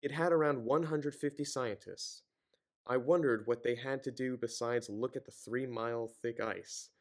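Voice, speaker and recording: A man's voice: mid-range voice, moderate pace. A man reading a novel aloud, often stumbling, correcting himself and breaking off with sarcastic commentary. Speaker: reader and commentator.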